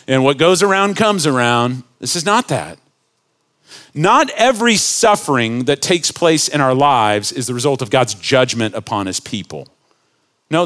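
A man preaching a sermon, animated and storytelling, acting out quick voices and dropping to quiet earnest tones. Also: fairly high pitch. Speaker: pastor.

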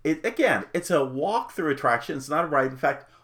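A man hosting a podcast, talking casually and enthusiastically, with many pauses, ums and restarts. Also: a little high, animated, a bit bright. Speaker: podcast host.

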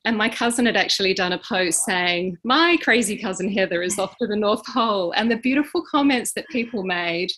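A woman, a podcast guest answering in an earnest, heartfelt way with halting restarts. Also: medium pitch, bright, forceful tone. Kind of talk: reflective interview answers.

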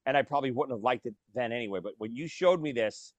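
A man co-hosting a podcast, talking about movies in a casual, animated storytelling way. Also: mid-range voice, fast, no room sound. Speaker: podcast co-host.

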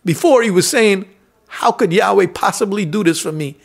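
A man preaching a fervent sermon as pastor, calling out for responses and dropping from loud calls to soft whispers. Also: high-pitched, moderate pace, vocal fry.

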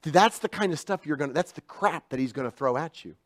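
A middle-aged man preaching a sermon in a conversational storytelling way, dropping to hushed asides and rising to loud, emphatic bursts. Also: on the high side, animated, fast, dry recording, clean studio sound.

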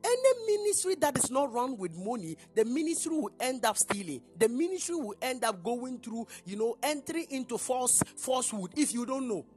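A woman's voice: fairly high pitch, very animated, moderate pace, hardly any pauses, a little mellow, faint music behind. A woman preacher delivering a sermon in church, emphatic and questioning the congregation.

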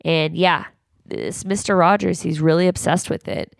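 Woman podcast co-host; frank, rambling, slightly gravelly, close and dry. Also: normal speed, dry recording. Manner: rambling and frank, swoops up high when quoting people. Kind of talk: candid podcast monologue.

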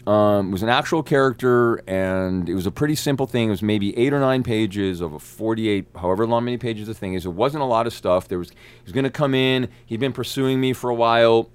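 Animated, profane male actor spinning stories. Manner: energetic, profane, acts out quotes with big pitch jumps. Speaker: actor, interview guest. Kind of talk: animated storytelling.

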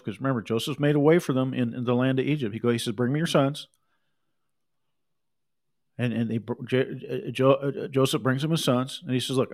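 A middle-aged man preaching a sermon, reading scripture and breaking off into conversational asides and quick acted quotes. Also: medium pitch, darkish tone. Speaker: pastor.

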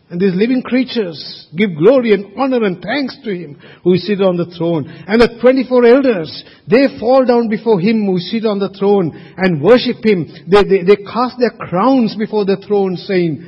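Man, pastor, high voice, husky, emphatic sermon, muffled recording. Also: animated, normal speed, hardly any pauses. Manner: emphatic, asks the congregation rhetorical questions. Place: church service. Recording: reverberant hall, muffled sound.

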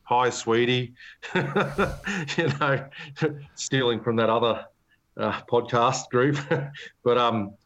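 A man's voice: medium pitch, animated, slow, long pauses, a bit bright. A man hosting a casual podcast chat, rambling through his points and laughing often. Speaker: podcast host, knife maker.

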